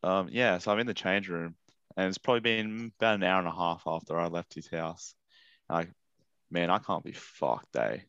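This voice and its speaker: A man's voice: sits low, moderate pace, fairly bright tone, smooth, no room sound, highs cut off. A young man with an Australian accent, chatting casually on a podcast and telling a story in a laid-back, slangy, swearing way. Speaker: podcast co-host. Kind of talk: casual chat.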